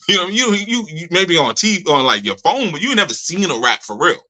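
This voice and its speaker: A man with a bright, fairly high voice gives a loose, colloquial talk. He tells stories at length and laughs often as he goes. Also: sing-song, brisk, rough recording. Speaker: community leader speaking to members. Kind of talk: casual storytelling talk.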